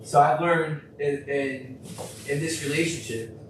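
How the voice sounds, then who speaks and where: A man in his thirties co-hosting a podcast, telling personal stories in a blunt, profane, animated way. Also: fairly high pitch, measured pace. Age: 30s. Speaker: podcast co-host. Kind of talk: candid casual conversation. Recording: echoey room, mic at a distance, noisy.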